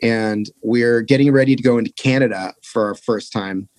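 A man's voice: mid-range voice, moderate pace, a little mellow, no echo. Profane rambling man telling road stories. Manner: profane, rambling, laughing storyteller. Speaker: touring musician guest. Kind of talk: casual storytelling.

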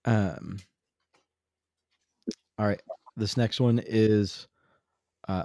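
A man with a somewhat low voice co-hosts a casual podcast chat, reading out dad jokes and stumbling over his words with a wry edge. The sound is dry and close. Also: steady tone, darkish tone, no room sound. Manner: halting, self-interrupting, wry. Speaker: podcast co-host.

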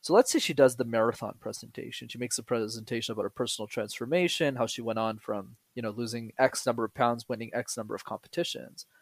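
Animated man telling stories in dry room. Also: medium pitch, quick pace, vocal fry, few pauses, no echo. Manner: animated storyteller who acts out quoted voices. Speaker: guest speaker. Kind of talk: conversational podcast interview.

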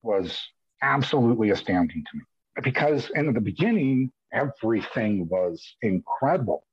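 A man's voice: medium pitch, big pitch swings, moderate pace, husky, no room sound. A man guest on a podcast, candidly and emotionally retelling events with many restarts. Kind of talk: candid conversational storytelling. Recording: dull lo-fi audio.

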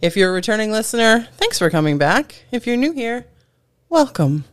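A man's voice: high-pitched, very animated, normal speed, no room sound. A man co-hosting a casual theme park podcast, joking around and chatting loosely. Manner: jokey, tries silly put-on English accents. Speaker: podcast co-host.

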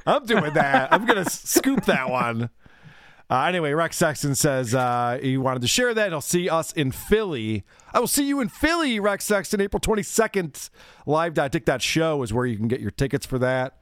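A man's voice: a little high, very animated, moderate pace, fairly bright tone, no room sound, studio quality. A man hosting a podcast, chatting casually, laughing easily and adding wry asides to listener messages. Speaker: podcast host.

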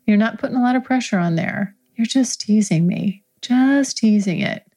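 A woman's voice: a little high, normal speed, dark tone. Woman telling a frank erotic story. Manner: intimate second-person narration, frank and profane. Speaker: podcast host.

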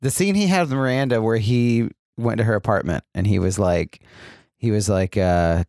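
A man's voice: lowish voice, normal speed, darkish tone, no room sound, studio quality. A man co-hosting a casual podcast chat, rambling and chatty as he recaps. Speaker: podcast co-host.

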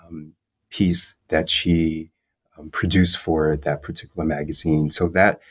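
Slow, deep-voiced young man interviewing. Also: level tone, slightly rough. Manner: measured, with frequent filler pauses. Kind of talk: interview questions and conversation.

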